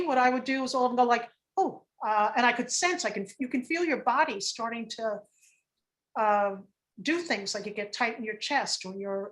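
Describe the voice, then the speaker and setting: A woman's voice: on the high side, a bit bright. A woman teaching meditation in a casual online workshop, talking in a chatty, rambling way with many restarts, over a video call.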